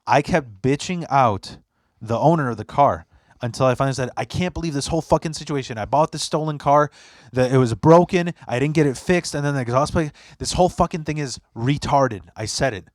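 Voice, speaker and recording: Here a young man runs a podcast, talking fairly quickly in a mid-range voice. He's a lively storyteller who performs quotes and swears freely in casual chat. The clean studio recording has no room sound.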